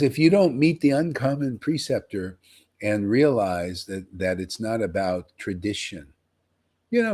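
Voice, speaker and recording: A man preaching on a livestream in an emphatic, animated way, often tossing in "man.". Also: on the low side, breathy edge. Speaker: spiritual teacher.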